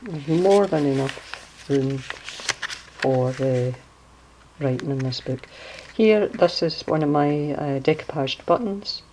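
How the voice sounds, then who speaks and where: A woman with a notably low voice talks through her handmade journal in a relaxed, chatty way. She pauses to hunt for words and corrects herself as she goes. A faint hum of noise sits under her voice. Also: rough recording. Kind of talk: casual craft walkthrough.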